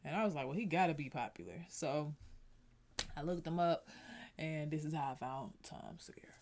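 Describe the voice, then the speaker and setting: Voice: mid-range voice, expressive, moderate pace, creaky, darkish tone. A reaction video host speaking in casual commentary, laid-back and chatty.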